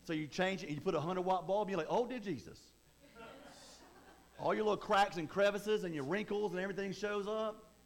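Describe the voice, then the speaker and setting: Stammering high-voiced preacher. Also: male voice, quick pace. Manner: repetitive, stammering restarts, conversational. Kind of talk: sermon.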